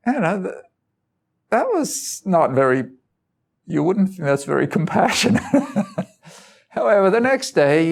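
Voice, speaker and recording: A man's voice: medium pitch, vocal fry, a little mellow. A man giving an informal talk, telling personal stories in loose, conversational phrasing and chuckling often. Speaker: guest speaker.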